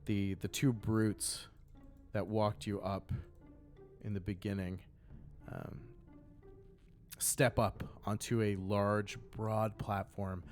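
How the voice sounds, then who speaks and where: A man as game master, narrating a tabletop game with measured, descriptive scene-setting. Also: fairly low pitch, little pitch movement, a little mellow, soft background music.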